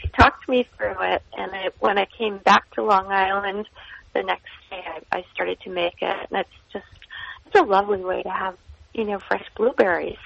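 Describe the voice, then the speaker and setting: A woman guest rambles through her answers with plenty of fillers and restarts. Her voice is heavily gravelly and a little husky. It comes through on a muffled, lo-fi line. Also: medium pitch, steady tone, normal speed. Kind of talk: casual chat.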